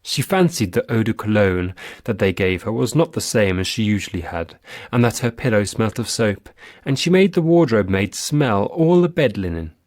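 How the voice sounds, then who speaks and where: A man's voice: lowish voice, animated, normal speed, darkish tone, no room sound. Man narrating a classic tale, dry close sound. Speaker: audiobook narrator. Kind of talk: scripted narration of a classic story.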